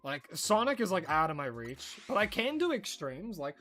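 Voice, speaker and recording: A woman's voice: sits low, very animated, normal speed, few pauses, fairly bright tone, soft background music. A woman streaming a game and chatting casually, playful and given to mock-dramatic narration and whispered asides. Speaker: gaming livestreamer.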